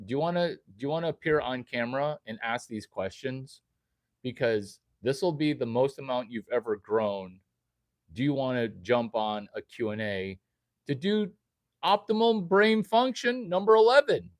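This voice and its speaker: A man's voice: medium pitch, no echo, clean studio sound. A man rambling to his viewers in a direct-to-camera monologue, quizzing them and jumping from topic to topic. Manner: erratic, quizzing, jumps between topics. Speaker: vlogger addressing viewers.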